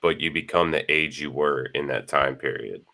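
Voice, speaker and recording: A man's voice: rumbling low, moderate pace, vocal fry, sharp tone. A man co-hosting a casual podcast chat, joking around and posing hypothetical questions. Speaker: podcast co-host.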